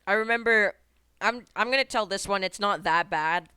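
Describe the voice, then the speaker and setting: A woman's voice: medium pitch, normal speed, sharp tone, clean tone, no echo. A woman co-hosting a casual podcast, telling stories in a rambling way, swearing often and breaking into laughter. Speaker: podcast co-host. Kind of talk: casual storytelling chat.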